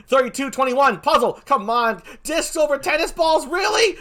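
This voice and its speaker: A man hosting a live streamed game show, his voice bright and cutting through as he calls out vote tallies. He swings his pitch widely and plays up every swing of the count like an auctioneer, with hammy, theatrical excitement. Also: a little slow. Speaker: stream host.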